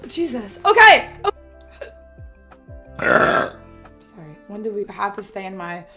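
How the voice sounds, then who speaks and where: A woman streamer chatting casually, burping loudly and often, apologizing, and swearing bluntly. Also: mid-range voice, brisk, faint music behind. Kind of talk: casual live-stream chat.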